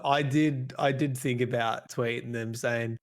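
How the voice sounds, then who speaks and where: A man's voice: mid-range voice, steady tone, unhurried. Australian man musing in podcast chat. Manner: musing, stammering restarts. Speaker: podcast co-host. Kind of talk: casual chat.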